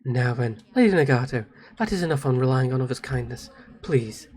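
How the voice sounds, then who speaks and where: A streamer voicing a cold, possessive young woman officer from a game, hushed and icily polite. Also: animated, a little fast, slightly rough. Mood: disdainful. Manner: low, hushed and icily polite, sometimes whispered. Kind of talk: reading game dialogue aloud on a livestream.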